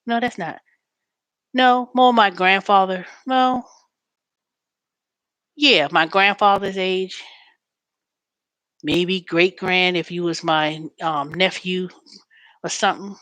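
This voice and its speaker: A woman hosting a show in a chatty, storytelling way, turning animated when she quotes callers. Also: fairly low pitch, slow, pauses often, dry recording. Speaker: host. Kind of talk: casual chat.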